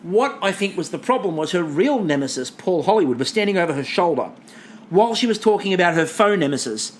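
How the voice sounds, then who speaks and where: A man's voice: high-pitched, big pitch swings, a little fast, slight background noise. A man co-hosting a casual comedy podcast, rambling with sarcastic, mock-dramatic asides. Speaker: podcast co-host.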